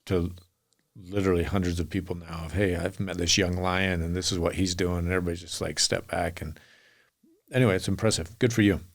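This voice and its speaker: Low gravelly middle-aged guy, rambling earnest stories as a podcast guest. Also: steady tone, a little fast. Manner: earnest, rambling anecdotes with acted quotes. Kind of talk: storytelling in a podcast interview.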